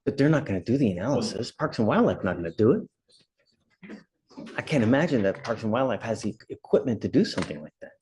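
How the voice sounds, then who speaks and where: A man's voice: lowish voice, big pitch swings, fast talker, a little mellow, low-quality recording. Easygoing male judge in a courtroom. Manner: easygoing, chatty, decisive. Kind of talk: casual courtroom docket talk.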